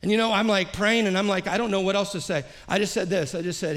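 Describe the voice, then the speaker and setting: A man's voice: high voice, fast talker, hardly any pauses, a bit bright. A man preaching a sermon as pastor, telling a personal story and acting out the quoted dialogue, often repeating his phrases. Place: church service.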